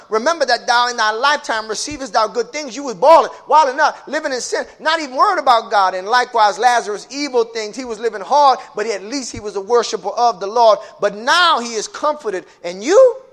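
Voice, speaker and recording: High-voiced preacher man swinging loud to soft. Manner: swings from booming shouts to low, hushed lines; calls out to the congregation. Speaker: pastor. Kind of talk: preaching a sermon.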